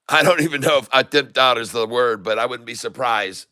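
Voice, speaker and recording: A man gives excitable live stock trading commentary, repeating his sell calls to viewers and joking in broken Spanish. His mid-range voice is a little fast with a clean tone and no echo.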